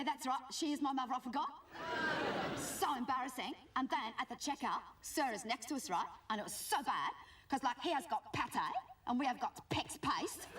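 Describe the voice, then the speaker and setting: A woman's voice: sits high, heavy background noise, natural voice. A woman playing a cheeky, gossipy teenage schoolgirl with an Australian accent and a whiny, nasal way of talking, in a live sketch comedy monologue. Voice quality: whiny and nasal, with lots of "like" and "guess what". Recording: distant stage mic, loud audience laughter. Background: live audience laughing.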